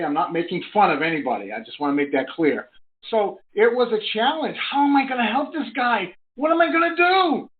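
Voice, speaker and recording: Over a tinny phone connection, a middle-aged man who coaches online businesses shares a story in earnest during a live conference call. His voice dips low and then climbs high in moments of excitement.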